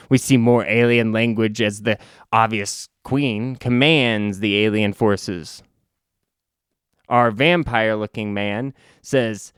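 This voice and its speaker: A man's voice: mid-range voice, animated, slow pace, smooth, no room sound. Male comic reviewer, rambling and wry, clean dry close recording. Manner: wry, rambling, self-interrupting. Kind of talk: casual comic review read-through.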